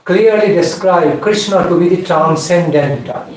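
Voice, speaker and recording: A man teaching a scripture class, explaining points in measured, repeated phrases and chanting Sanskrit verses. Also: high voice. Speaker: spiritual teacher. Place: indoor class room. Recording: echoey room, distant mic, faint noise.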